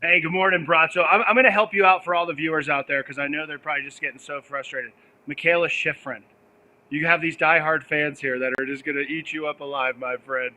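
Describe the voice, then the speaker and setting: A man's voice: fairly high pitch, steady tone, bright, forceful tone, low-quality recording. A man hosting a casual morning show, giving an upbeat report on roads and weather from around town. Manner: upbeat, hyped, quick asides. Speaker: host, roving reporter.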